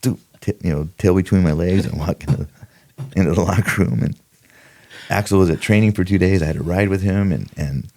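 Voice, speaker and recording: A man's voice: low-pitched, fairly quick, darkish tone. An older man, a retired detective, telling stories in a casual interview, acting out quotes and laughing often. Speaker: retired homicide detective, podcast guest.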